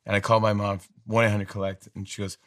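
A man's voice: lowish voice, fast talker, no echo. Man telling rambling anecdotes, dry sound. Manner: animated, rambling anecdotes with restarts. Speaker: guest. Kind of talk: storytelling interview chat.

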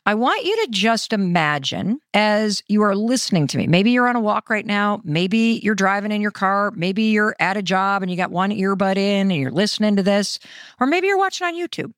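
A middle-aged woman hosting a motivational podcast, chatty and expressive, speaking straight to the listener. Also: medium pitch, normal speed, no echo, clean studio sound. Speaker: podcast host.

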